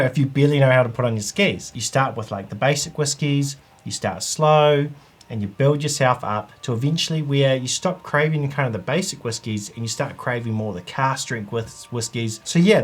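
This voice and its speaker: Chatty man hosting a vlog. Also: mid-range voice. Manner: chatty, conversational, with frequent "like" and "you know". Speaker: whisky channel host. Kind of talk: casual explainer vlog.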